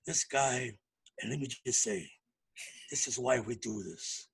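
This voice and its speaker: A solemn actor's introduction, as a man puts it on, pitched far below his usual voice and dropped to a hush. The delivery is slow, weighty and deliberate, every phrase made to sound important. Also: creaky, breathy edge, full character voice. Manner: lowered, hushed dramatic tone. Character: grave, solemn male actor introducing a comedian.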